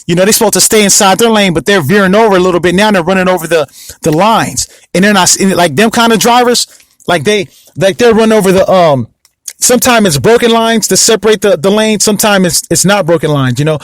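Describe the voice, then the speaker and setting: A man with a high voice hosts a podcast, speaking quickly in a casual, rambling monologue. He repeats himself, restarts often, makes asides, and keeps emphatically asking the listener questions. The recording is dry and low in quality.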